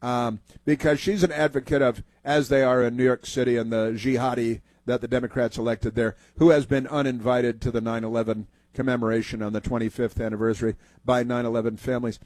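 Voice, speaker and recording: A man's voice: mid-range voice, fairly even intonation, a little fast, hardly any pauses, darkish tone, no room sound. A man hosting a political talk radio show, mocking and rambling with lots of fillers.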